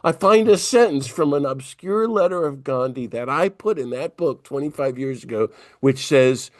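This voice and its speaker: A man's voice: mid-range voice, moderate pace, no echo. Priest guest, male, spins stories and acts out dialogue, voice in a middle register. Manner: animated storyteller who acts out dialogue. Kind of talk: conversational storytelling.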